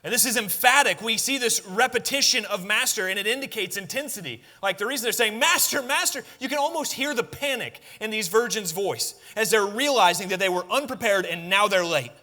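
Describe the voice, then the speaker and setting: Man, preacher, conversational sermon, rhetorical questions, emphatic peaks, bright tone. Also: sits high, a little fast, hardly any pauses, in a large hall. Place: church sanctuary.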